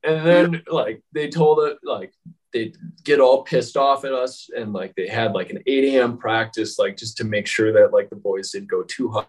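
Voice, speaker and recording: A man's voice: mid-range voice, normal speed, poor audio. A man telling a story in casual chat, rambling with many fillers and frequent laughs.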